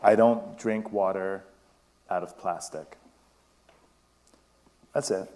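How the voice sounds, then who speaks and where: Casting: man, British West Indian accent, lowish voice, rambling stage talk. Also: fairly even intonation, takes it slowly, a little mellow. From Britain. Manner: discursive, restarts phrases, laughs often. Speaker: guest speaker. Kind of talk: casual public talk. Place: event stage before an audience.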